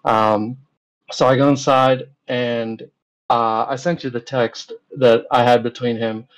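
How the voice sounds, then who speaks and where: A man's voice: medium pitch, steady tone, slow, low-quality recording. A man, a guest in an interview, recounting events in a rambling, casual way full of fillers and retold dialogue.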